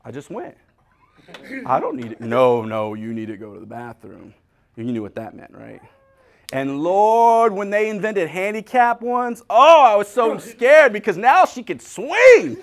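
A man's voice: sits high, a little slow. A male pastor giving a humorous, conversational sermon, acting out little scenes and talking straight to his congregation. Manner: animated storyteller, acting out scenes; talks directly to the congregation.

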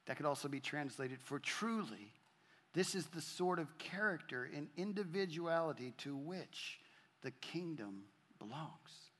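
A man's voice: a little high, expressive, a little slow, fairly bright tone. A man preaching a sermon to a congregation, building emphasis through repeated phrases and scripture readings. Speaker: pastor. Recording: long hall reverb.

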